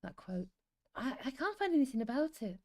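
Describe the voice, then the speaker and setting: A woman's voice: high-pitched, very animated, brisk. Chatty middle-aged English woman co-host. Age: 50s. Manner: chatty, rambling, laughs often. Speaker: co-host reading stories. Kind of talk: casual livestream chat and story reading.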